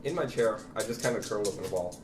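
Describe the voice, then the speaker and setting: Man player, relaxed, jokey, faint noise behind. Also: fairly low pitch, very fast. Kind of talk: casual tabletop game play.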